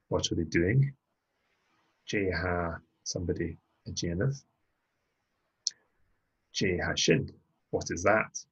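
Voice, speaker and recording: A low-pitched man with a gravelly, husky voice talks through a recorded language lesson. He speaks slowly and patiently, repeating phrases for learners. The sound is dull and lo-fi. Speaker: language tutor.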